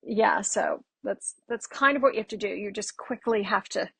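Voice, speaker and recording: A woman who works as a dialect coach, speaking as a guest on a podcast. She tells lively stories and acts out the exchanges she quotes. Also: medium pitch, normal speed, creaky, husky, dry recording. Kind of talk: casual interview chat.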